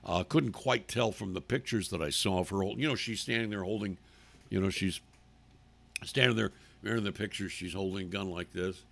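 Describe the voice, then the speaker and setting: A man hosting a talk show, ranting angrily and profanely about politics, breaking into loud outbursts. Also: deep voice, brisk, creaky. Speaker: radio talk show host.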